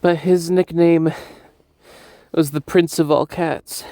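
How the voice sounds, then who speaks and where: A man telling a personal story, laughing often and halting to repeat himself. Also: a little high, fairly even intonation, warm tone, no echo, clean studio sound. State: breathless and dizzy.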